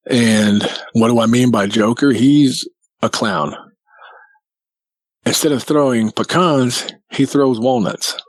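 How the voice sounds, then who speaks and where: A man's voice: medium pitch, dry recording, rough recording. Man animatedly telling a campfire-style story. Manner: animated storyteller who acts out quotes. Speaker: podcast guest telling a sighting story. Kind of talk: casual storytelling.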